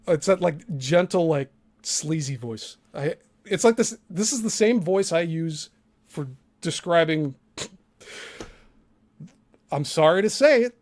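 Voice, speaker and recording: A man hosting a live stream, commenting on a clip in a crude, mocking, profane way. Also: on the high side. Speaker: show host.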